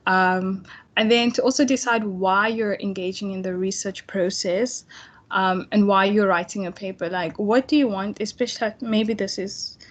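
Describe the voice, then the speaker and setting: A woman's voice: mid-range voice, steady tone, normal speed. A young adult woman teaching an online tutorial in a chatty, casual way, full of fillers and restarts. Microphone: computer mic on video call.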